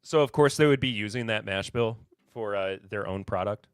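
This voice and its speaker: A man's voice: lowish voice, moderate pace, clean tone, no echo, clean studio sound, soft background music. Sarcastic man hosting a live whiskey podcast. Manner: rambling, sarcastic, self-deprecating. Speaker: podcast host. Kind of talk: casual live-stream whiskey chat.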